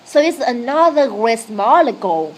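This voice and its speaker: A woman whose first language is Vietnamese, teaching an English lesson in a slow, repetitive, encouraging way. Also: on the high side, very animated, slight background noise.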